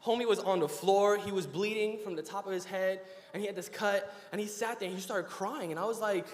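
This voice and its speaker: A young man with a fairly high voice delivers a short sermon in a roomy, echoing hall. He talks casually, telling a story, then climbs into emphatic preaching. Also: fairly quick, few pauses. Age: young adult. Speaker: student preacher. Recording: echoey hall.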